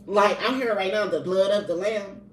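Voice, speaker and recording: A woman's voice: medium pitch, brisk. A woman in her thirties giving a candid personal testimony, blunt and profane, with colloquial grammar. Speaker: vlogger sharing personal testimony. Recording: roomy echo, distant from the mic, faint background noise.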